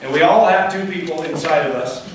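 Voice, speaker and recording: High-voiced pastor preaching in an echoey hall. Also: male voice, fairly quick. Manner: conversational preaching with frequent check-ins and rhetorical questions. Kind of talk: sermon. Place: church sanctuary. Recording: echoey church hall from a distance, faint noise.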